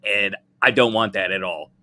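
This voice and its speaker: A man's voice: fairly low pitch, normal speed. A man hosting a casual podcast chat, swearing freely and breaking into laughter. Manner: profane, laughing, animated. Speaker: host.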